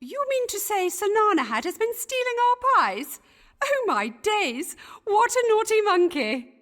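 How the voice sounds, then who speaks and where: Casting: flustered period gentlewoman, high bright voice with wide swoops, chattering old-fashioned speech. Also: big pitch swings, unhurried, soft background music, exaggerated voice. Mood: indignant. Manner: chattering archaic speech, easily scandalised. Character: fussy, gossipy Elizabethan gentlewoman.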